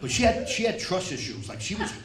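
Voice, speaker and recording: A man's voice: sits high, big pitch swings, a little fast. A middle-aged man with a New York accent doing a stand-up comedy set, delivering brash, profane punchlines. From Puerto Rican, raised in the Bronx, New York. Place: comedy club stage. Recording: echoey live room with crowd noise. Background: audience laughter.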